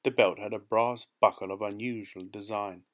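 Man narrating a story, measured. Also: lowish voice, fairly even intonation. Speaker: audiobook narrator. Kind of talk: scripted narration.

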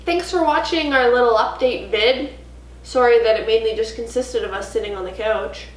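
Young woman, vlog co-host, chatty with lots of fillers, bright-pitched, roomy sound. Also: moderate pace. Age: young adult. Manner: chatty, laughing, many fillers. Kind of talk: casual couch chat. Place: home living room couch.

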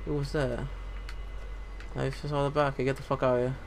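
A young man giving casual, excitable gameplay commentary, swearing and talking to himself as he plays. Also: mid-range voice, fairly quick, slight background noise. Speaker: let's play gamer.

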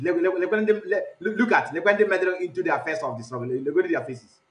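A man's voice: high-pitched, fairly quick, a bit bright, reverberant. A man hosting the show, mocking the clips he plays and switching between Igbo and English. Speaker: host. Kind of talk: commentary on played clips.

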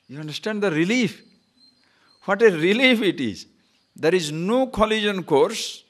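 A man teaching a spiritual class with a lively, higher voice that rises and falls widely. He keeps asking rhetorical questions and acts out shouts in his stories. Birds can be heard behind him. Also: a little slow. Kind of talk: spiritual discourse to a live class.

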